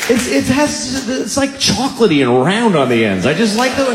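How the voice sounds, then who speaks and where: A man doing stand-up comedy, riffing quickly and breaking into sudden loud exclamations. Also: very high voice, huge pitch swings, reverberant, a crowd in the background, background noise.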